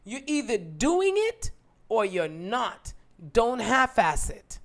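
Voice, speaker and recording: A stern mother scolds her daughter, as a woman quotes her. She is commanding and insistent, with a somewhat high voice. She presses each order home. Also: very animated, slow, exaggerated voice. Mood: scolding.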